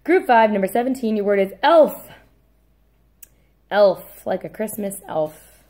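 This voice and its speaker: A woman teacher gives a spelling test, saying each word slowly and then repeating it. She drops in short asides and apologizes when correcting herself, her mid-range voice expressive and a little mellow.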